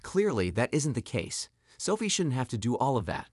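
Brief: soft-spoken, reassuring young man voiced by a male narrator, lively intonation, dry close sound. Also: mid-range voice, moderate pace, breathy edge, dry recording. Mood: earnest. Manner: gentle, reassuring. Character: kind, patient young man helping a girl.

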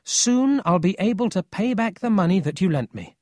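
A man's voice: sits high, animated, normal speed, darkish tone, no room sound, studio quality, voice pushed up. A man voicing an eager young schoolboy who speaks earnestly in a storybook reading.

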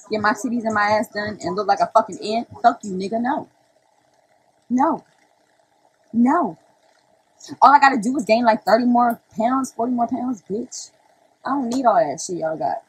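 A woman's voice: mid-range voice, fairly bright tone, slight background noise, poor audio. A young woman chatting on a live stream to her viewers, brash and profane, laughing often. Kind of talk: casual livestream chat to viewers.

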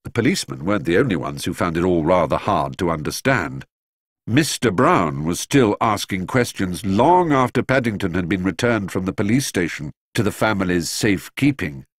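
A man narrating a children's storybook in an expressive, measured way. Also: sits low, no room sound, studio quality. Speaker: audiobook narrator.

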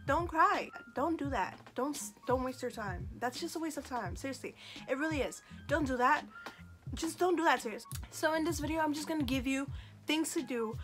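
A woman's voice: high voice, expressive, moderate pace, a bit bright. A woman vlogger chatting casually to camera in a sassy, joking, self-mocking way. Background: faint background music.

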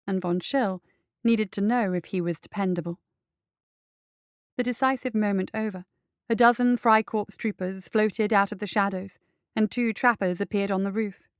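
A woman narrating an action story in a steady, measured reading. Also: medium pitch, no room sound, studio quality.

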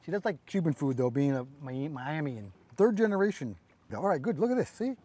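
A middle-aged man with a New York accent, chatting and joking while cooking outdoors on a boat, talking fast and mumbling his words together. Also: a little high, very animated, mellow, breathy edge. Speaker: co-host of a fishing channel. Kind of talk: casual chat while cooking.

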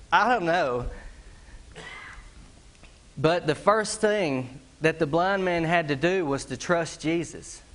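A middle-aged pastor with a slightly high, fairly bright voice delivers a sermon. He spins his stories in a folksy, laughing style, dropping in animal-call imitations along the way.

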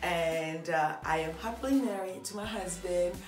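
Woman, 30s, Ivorian French accent, cheerful chatty vlogger in an echoey room with soft music underneath. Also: fairly low pitch, normal speed. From Ivory Coast. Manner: upbeat, chatty, laughing often. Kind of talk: casual get-to-know-me vlog.

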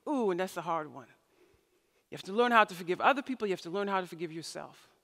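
A woman's voice: on the low side, lively intonation, quick pace, fairly bright tone. A woman giving a conference keynote speech, telling stories expressively and acting out the voices of the people she quotes. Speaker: keynote speaker. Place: large conference hall. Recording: reverberant hall.

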